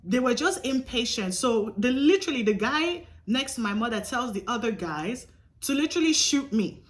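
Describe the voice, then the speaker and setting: A young woman tells a personal story straight to camera, lively and expressive, with a voice that rises and falls a lot. She sits a little high for a woman and swears freely, stressing words for effect. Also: moderate pace. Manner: animated, profane, emphatic retelling. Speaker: storyteller vlogger. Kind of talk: casual storytime.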